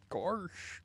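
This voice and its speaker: There's a faint hiss or hum as a high-pitched man talks through his live gameplay. He rambles casually, leaning heavily on "like" and "you know," and now and then breaks into playful sing-song voices.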